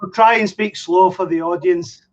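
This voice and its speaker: A man's voice: sits high, steady tone, moderate pace, dull audio. A man, chatting casually as a podcast guest in a wry, plain-spoken way.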